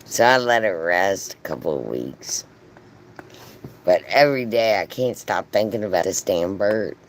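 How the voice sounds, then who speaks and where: Slow, animated man telling a story. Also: deep voice, a little hiss or hum. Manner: chatty, profane, laughs often. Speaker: live streamer. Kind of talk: casual storytelling on a livestream.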